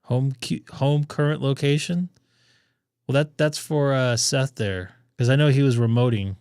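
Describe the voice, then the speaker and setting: Hosting a ham radio live stream while losing his voice, a man chats casually and thinks out loud, rambling with fillers. He speaks unhurriedly in a medium-pitched, fairly even voice that's clear, resonant and a little mellow, recorded cleanly in a studio with no room sound.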